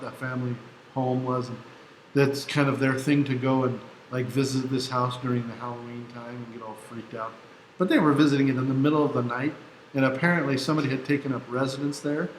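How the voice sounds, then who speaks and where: A tired male teacher talks to his class in a mid-pitched voice, laughing easily and restarting his sentences as he goes. The room is echoey, with a faint hum of ambience behind him. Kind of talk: classroom lecture with anecdote.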